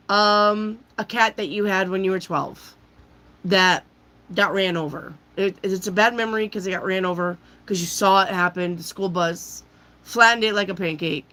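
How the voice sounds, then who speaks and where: A woman giving a casual tarot reading while she has a cold, chatty and loose, often clearing her throat. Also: medium pitch, sharp tone, rough recording. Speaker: tarot reader.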